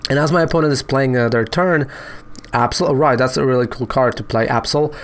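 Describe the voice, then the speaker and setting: A man's voice: mid-range voice, fairly quick. Chatty man commentating a card game. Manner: chatty, peppers talk with "right?" and "you know"; joking, self-mocking asides. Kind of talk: casual gameplay commentary.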